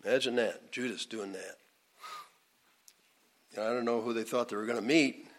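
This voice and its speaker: A man at an ordinary middle pitch leads an informal Bible teaching, chatting through it in a folksy way. He drops in asides and fillers, then suddenly lifts his voice to stress a name or a point. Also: normal speed. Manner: folksy and conversational, with pitch jumping up for emphasis.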